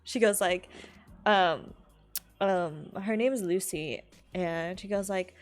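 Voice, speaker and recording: A woman's voice: medium pitch, sing-song, normal speed, faint music behind. A young woman from California chatting casually on a live stream, rambling, laughing often and filling her talk with "like".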